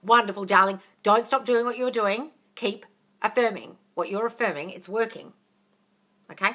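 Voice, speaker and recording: A woman's voice: medium pitch, moderate pace, sharp tone. A woman hosting a casual live question-and-answer session as a manifesting coach, blunt and profane, calling listeners darling. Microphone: phone.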